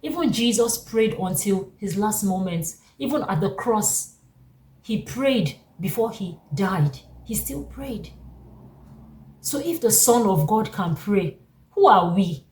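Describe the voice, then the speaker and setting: A woman giving an animated faith-based motivational talk straight to the camera, repeating phrases for emphasis. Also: medium pitch, slow. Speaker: Christian motivational speaker. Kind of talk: preaching-style motivational talk. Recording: echoey room, distant mic, faint background noise.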